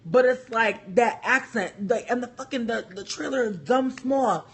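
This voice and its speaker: Guy w a high breathy voice, swearing a lot and rambling on a phone stream, like like like. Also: unhurried. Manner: profane, rambling, heavy use of "like". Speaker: vlogger. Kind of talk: casual livestream rant. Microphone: phone livestream.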